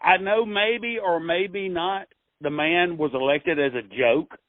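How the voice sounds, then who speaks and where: A rambling man hosting a casual comedic interview, his fairly high voice dry and narrow, like it is coming through a phone. He talks in a folksy way, with loose asides and restarts. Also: takes it slowly, no room sound. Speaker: host.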